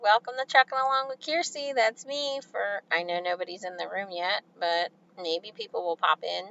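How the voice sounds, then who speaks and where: A woman's voice: mid-range voice, moderate pace, vocal fry, pushed and bright, lo-fi sound. A woman truck driver chatting casually on a live stream from her truck cab, laughing often and reading viewer comments aloud. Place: inside a truck cab with refrigeration unit running. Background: refrigeration unit hum.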